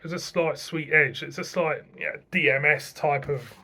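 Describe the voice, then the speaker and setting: Chatty middle-aged English beer vlogger. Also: male voice, fairly high pitch, moderate pace, sharp tone. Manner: chatty, rambling, chuckles to himself. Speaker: beer reviewer. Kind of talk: casual beer review vlog.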